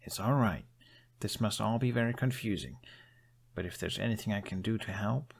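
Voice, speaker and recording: Gentle, earnest young dragon rider read by a man, soft-spoken, low and gravelly, audiobook. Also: normal speed. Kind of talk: fan fiction audiobook reading.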